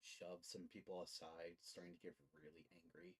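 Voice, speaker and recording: A man narrating as game master in a tabletop game, animated and swearing freely. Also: sits low, moderate pace, creaky, breathy edge, poor audio.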